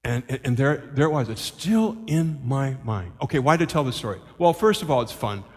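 A man in his sixties, a priest preaching a homily as a lively story and acting out the voices of the people in it. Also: medium pitch, fairly quick, long reverb tail. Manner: animated, acts out quoted voices. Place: church.

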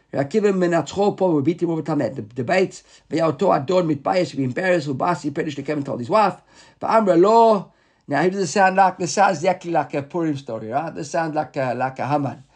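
A man leads a text study class, reading each passage aloud and then explaining it in plain, casual words. His voice sits a little high, and he stumbles and restarts as he goes. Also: darkish tone. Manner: restarts often, reads Hebrew and Aramaic then paraphrases casually. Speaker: Torah teacher.

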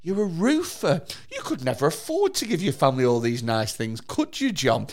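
A man's voice: fairly high pitch, wildly swooping pitch, moderate pace. A man imitating a brash older female game show host in an exaggerated Scouse accent, bossy and teasing. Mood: mocking. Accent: put-on Scouse.

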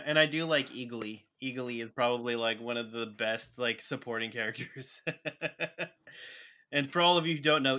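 A man's voice: medium pitch, sharp tone. A man co-hosting a podcast in casual chat, easygoing and leaning on "you know" fillers. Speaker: podcast co-host. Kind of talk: casual chat recapping a TV show.

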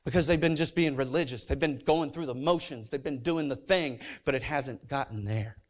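A pastor preaching a sermon in a church, animated and emphatic, with joking asides. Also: male voice, medium pitch, normal speed. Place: church sanctuary.

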